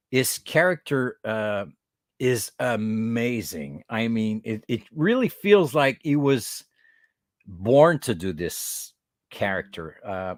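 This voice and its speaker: A man from Quebec with a Québécois accent hosts a casual podcast, his voice rising and falling in a lively way. He mixes English and French and stumbles through fillers and restarts. The sound is dry and close, with little room around it. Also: medium pitch, no echo. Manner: animated, switches between English and French, many fillers and restarts; mimics other accents in bursts. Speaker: podcast host.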